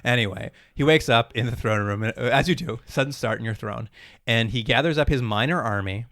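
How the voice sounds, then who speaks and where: A man hosts a casual podcast recap, close on a dry studio mic. His voice sits at an ordinary pitch. He keeps slipping into little put-on voices to act out the scenes. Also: a bit bright, no echo. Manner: acts out scene dialogue with quick voices and laughs. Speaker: podcast host.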